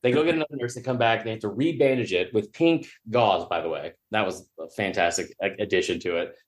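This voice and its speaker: A man's voice: fairly low pitch, quick pace. A man sits in as a podcast guest and spins a long story. He rambles, restarts, swears freely and laughs at himself along the way. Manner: rambling, self-mocking, profane. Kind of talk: storytelling in casual chat.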